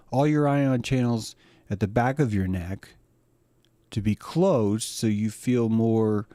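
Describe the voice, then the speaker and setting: A man's voice: mid-range voice, dark tone, no room sound. Rambling, profane man cracking himself up. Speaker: host. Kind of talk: rambling comedic monologue.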